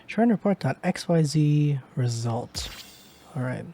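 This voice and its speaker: A streamer giving relaxed, brief reactions while playing a rhythm game. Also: medium pitch, slow pace. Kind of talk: casual game commentary.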